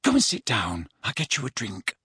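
A man voicing an anxious, bossy teenage girl witch in an audiobook, shrill when alarmed and hushed when urging. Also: very animated, a little slow, slightly rough, dry recording, clean studio sound, heavily acted. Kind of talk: audiobook character voice.

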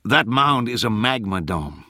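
A man voicing a calm male oceanographer who explains science patiently. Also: on the low side, unhurried, no room sound, clean studio sound, exaggerated voice. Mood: explaining.

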